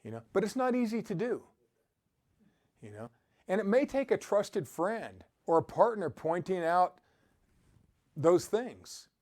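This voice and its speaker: A man's voice: high voice, sing-song, unhurried, pauses often, darkish tone. A man giving an upbeat motivational talk who exhorts his listeners and often laughs. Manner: quotes scripture. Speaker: motivational speaker.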